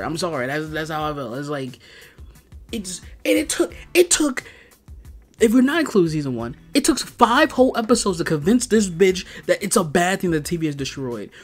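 A man's voice: on the high side, big pitch swings, fairly quick, few pauses, faint music behind. Exasperated man ranting in a review. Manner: exasperated, profane, heavy use of "like". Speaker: video reviewer.

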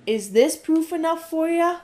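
A woman's voice: extremely high pitch, expressive, dark tone, pitched above the performer's own voice. A woman playing a sassy disguised newsgirl. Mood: smug. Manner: sassy, slow. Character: tough girl disguised as a newsboy.

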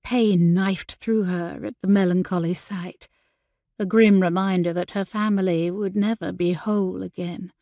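Reading scripted audiobook narration of a period piece, this female narrator uses a measured, expressive storytelling manner in a voice on the low side. The recording is dry, with clean studio sound.

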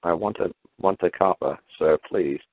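A man's voice: low-pitched, normal speed, slight background noise. A man putting on the voice of a pleading little beggar boy, over a tinny phone line. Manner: whining, begging tone.

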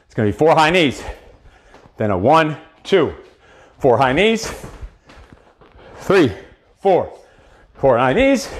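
A man's voice: a little high, sing-song, slow pace, long pauses. A man coaching a live boxing cardio workout, counting reps and giving profane pep talks.

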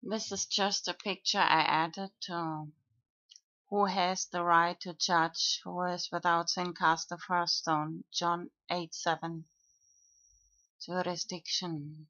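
A video blogger, a woman, reads through comments on her own videos in a slow, flat monologue, her low pitch hardly changing. She pauses often and leans on fillers. The recording is dry, dull, and muffled, with a lo-fi quality.

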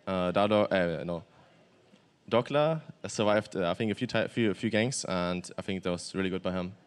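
A young man with a German accent, a pro player answering post-game interview questions in quick, matter-of-fact answers with many fillers and restarts. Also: low-pitched, clean tone.

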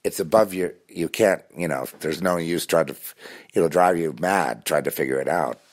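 Deep-voiced man in a rambling monologue. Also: normal speed. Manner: intense, repetitive, many restarts and fillers.

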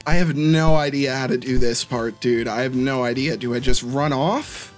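A man's voice: mid-range voice, animated, normal speed, few pauses, faint music behind. A young man giving let's-play commentary, muttering in frustration at a hard game and saying "dude" a lot. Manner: says "dude" constantly. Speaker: gaming YouTuber.

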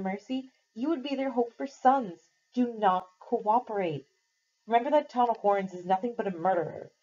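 A woman's voice: on the high side, a little mellow, husky, lo-fi sound, pitched above the performer's own voice. A woman voicing a defiant Puritan captive girl who talks in an insistent, scolding way.

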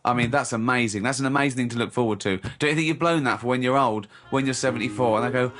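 A man in his forties with a mid-range voice, teasing his co-host in disbelief. He jumps up in pitch when incredulous and laughs often. Faint music plays behind. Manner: mocking, incredulous, quick to laugh. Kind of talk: casual chat.

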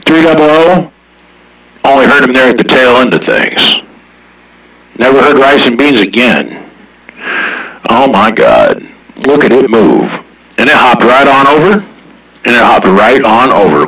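A man's voice: mid-range voice, sing-song, unhurried, gravelly, long pauses, a bit bright. A man chatting casually over a CB radio in a drawling, slangy manner, recorded from some distance. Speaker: CB radio operator.

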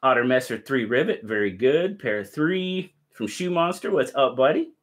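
A man's voice: medium pitch, animated, moderate pace. Upbeat man hosting a live stream. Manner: upbeat, greets viewers by name. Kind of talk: casual live stream chat.

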